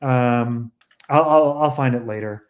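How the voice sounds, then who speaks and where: A man talks about his own novel on a video call. He rambles thoughtfully, circling back and restarting his sentences. His pitch is ordinary, neither high nor low. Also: a little slow, muffled recording. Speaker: author as guest. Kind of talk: casual book discussion.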